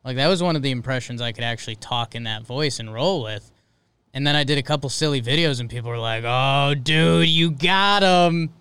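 A man co-hosting a casual sports podcast. His voice is smooth and clear, and the mic sounds close and dry. He rambles, stopping and restarting his sentences. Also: mid-range voice, fast talker, fairly bright tone, dry recording. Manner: rambling, hesitant, many fillers and restarts. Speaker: podcast co-host.

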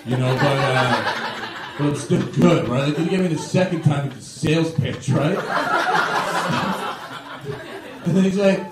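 With a slightly high voice, big pitch swings, and a measured pace full of pauses, a young Toronto-born comedian rambles through a set on a comedy club stage, tacking on "right?" and "okay?". Heavy background noise and audience laughter come through the roomy, distant live recording.

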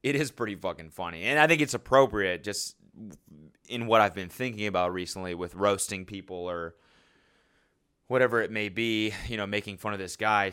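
Bright, clear-voiced young man talking casually. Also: sits low. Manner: profane, self-mocking, animated storytelling. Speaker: podcast host. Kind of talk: casual solo monologue.

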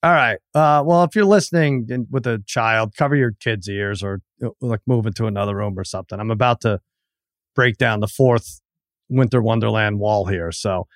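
A man's voice: fairly low pitch, moderate pace, no echo, studio quality. A middle-aged man co-hosting a podcast, telling a rambling story in casual chat and acting out the quotes. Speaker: podcast co-host.

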